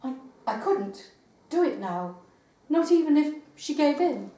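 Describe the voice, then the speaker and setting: An older woman poet giving a live poetry reading in a meeting house, with measured recitation and hesitant spoken asides. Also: high-pitched, big pitch swings, warm tone. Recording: roomy live recording from far off.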